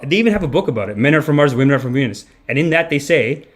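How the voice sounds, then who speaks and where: A man's voice: a little high, animated, very fast, hardly any pauses. A man doing a comedic monologue as a mock spiritual guru, rambling and cutting himself off.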